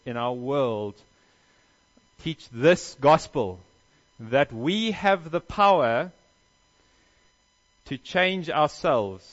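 A man's voice: mid-range voice, dull audio. A man preaching a sermon as pastor, earnest, with emphatic stresses and rhetorical questions.

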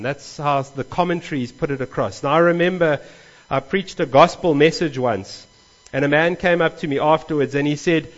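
A man preaching a sermon as pastor, earnest and animated, often rising in emphasis as he speaks. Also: fairly high pitch, brisk, dull audio.

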